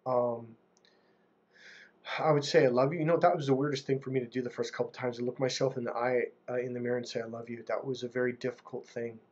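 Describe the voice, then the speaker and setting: A man giving relationship coaching in a casual monologue to camera. He talks in an animated way and mimics how other people speak. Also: medium pitch, fast talker, dull audio.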